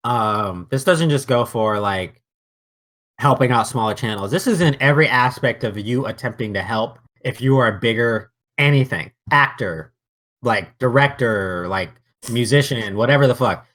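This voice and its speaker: A young man co-hosting a casual podcast, talking in an animated, profane way and acting out quotes. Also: medium pitch, moderate pace. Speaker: podcast co-host. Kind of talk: casual chat.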